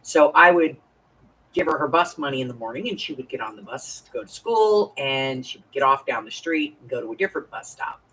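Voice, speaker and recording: A woman's voice: very deep voice, expressive, fairly quick, a bit bright, a little hiss or hum. A woman in her fifties hosting a crafting live stream, chatting in a confiding way and greeting viewers by name. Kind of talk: casual chat while crafting. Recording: voice a bit far from the mic.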